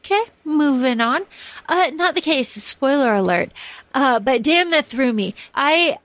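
A woman hosting a podcast, talking casually in an animated, profane way, with lots of fillers and restarts. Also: sits high, measured pace, dry recording. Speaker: podcast host. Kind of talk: casual chat.

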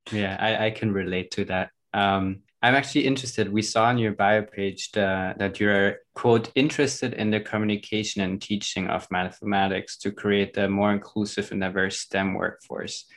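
A man with a very low voice hosting a podcast interview. He asks his questions hesitantly, with fillers, and murmurs soft agreement while his guest talks. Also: fairly even intonation, moderate pace, few pauses. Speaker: podcast host.

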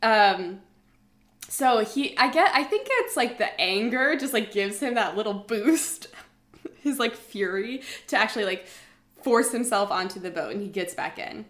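A woman's voice: medium pitch, animated, a little slow, a bit bright. A woman casually retelling a survival story to a friend, chatty, with lots of fillers, acting out the quotes.

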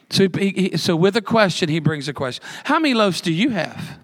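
A man's voice: high voice, big pitch swings, brisk, few pauses. A man preaching a sermon as pastor, telling a story with humor and building repeated emphatic lists.

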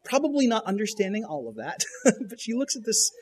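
A man's voice: high voice, very animated, fairly quick, darkish tone, a little hiss or hum. A male pastor retelling a children's show episode during a sermon, with frequent restarts and emphatic rises.

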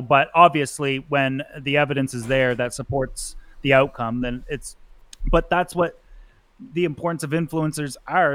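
A man's voice: fairly high pitch, fairly bright tone, no room sound. A man talking as a podcast guest in a loose, rambling casual way, full of fillers. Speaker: guest influencer. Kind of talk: casual chat.

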